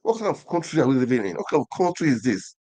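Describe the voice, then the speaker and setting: A man's voice: medium pitch, very animated, fast talker, mellow. A man with a Nigerian accent hosting an online show, delivering an impassioned commentary monologue full of repeated phrases and rhetorical questions.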